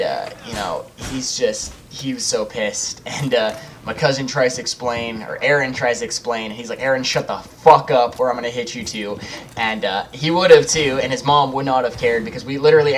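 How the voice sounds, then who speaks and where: A man's voice: medium pitch, fairly bright tone, slight background noise. Rambling young man telling a story. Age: young adult. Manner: rambling, swears freely, laughs through the story. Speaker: gaming channel host. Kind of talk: casual storytelling over gameplay.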